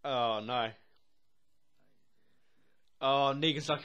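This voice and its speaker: A young man reacting to a TV episode as he watches. He talks excitedly, swears constantly and often laughs. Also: mid-range voice, very slow, long pauses. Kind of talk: live reaction commentary.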